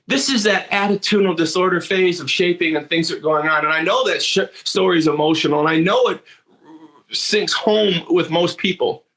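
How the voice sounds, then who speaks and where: A man's voice: fairly high pitch, fairly bright tone. A man in his sixties from Michigan, telling a personal story in an earnest monologue full of restarts and repeated words. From Michigan, USA. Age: 60s. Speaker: motivational speaker.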